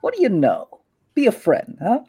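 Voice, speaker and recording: A man's voice: high-pitched, wildly swooping pitch, normal speed, warm tone, slightly rough, pitched above the performer's own voice, full character voice. A man voicing a smug, menacing male half-elf mobster boss who taunts with drawling threats.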